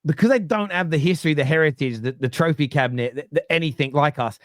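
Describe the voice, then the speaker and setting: A man hosts a football podcast in lively, emphatic chat, going back over his words as he talks. His voice is fairly high, and the sound is close and dry. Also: quick pace, no room sound. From England. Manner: animated, emphatic, repeats words. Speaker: podcast host.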